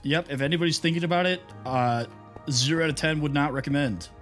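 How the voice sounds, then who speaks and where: A man's voice: fairly high pitch, quick pace, fairly bright tone. A young man livestreaming, telling a rambling story to his chat and greeting viewers as they arrive. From United States. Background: music.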